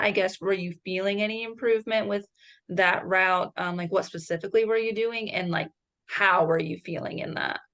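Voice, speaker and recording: Casual woman co-host, chatty, sympathetic, lots of fillers. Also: mid-range voice. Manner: conversational, many fillers, sympathetic asides. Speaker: guest co-host. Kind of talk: casual interview chat.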